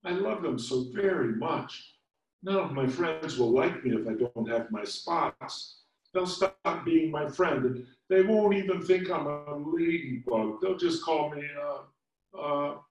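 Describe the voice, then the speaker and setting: Man doing a little girl ladybug, fretful, high and pleading, roomy echo. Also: expressive, takes it slowly, far from the mic. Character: young female ladybug, anxious and vain. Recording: echoey room, voice set back from mic.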